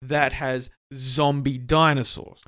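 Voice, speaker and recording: In a medium-pitched, level, somewhat bright voice, a man speaks slowly while co-hosting a podcast despite being sick with a sore throat. The casual chat is full of jokes, rambling and restarts, with a little hiss or hum in the recording.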